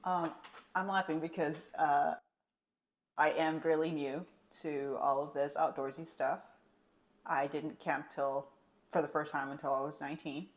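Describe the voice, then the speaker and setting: A young woman co-hosts a relaxed podcast, her voice sitting low for a woman. She talks in a chatty, meandering way, trailing into ums and restarts as she thinks aloud. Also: a little slow. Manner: chatty, rambling with fillers. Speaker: podcast co-host. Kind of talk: casual podcast chat.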